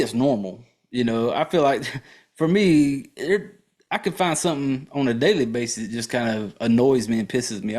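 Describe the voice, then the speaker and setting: A man's voice: a little high, a little mellow. A man hosting a podcast, telling a profane, exasperated story in a casual ranting monologue. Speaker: podcast host.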